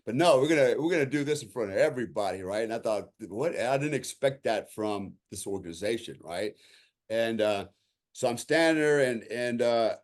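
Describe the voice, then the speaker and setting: Man, mid-pitched voice, podcast guest, veteran telling a story, casual and animated, acts out quoted lines, lots of "you know" and "right?". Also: brisk. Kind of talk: conversational storytelling.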